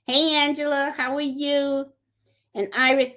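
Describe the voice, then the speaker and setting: A woman's voice: high voice, unhurried, bright, forceful tone. A middle-aged woman from Puerto Rico hosting a casual crafting livestream, chatty and greeting viewers one by one from home. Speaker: crafting channel host.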